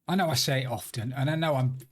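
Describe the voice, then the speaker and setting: This gamer talks at a quick pace in a medium-pitched voice with a breathy edge. While live-streaming, he keeps up casual, chatty banter that pokes fun at himself.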